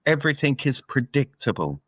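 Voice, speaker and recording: A man co-hosting a casual film review podcast, blunt and sweary and quick to laugh. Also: mid-range voice, very animated, fairly bright tone, no room sound. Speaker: podcast co-host. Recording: slightly dull lo-fi sound.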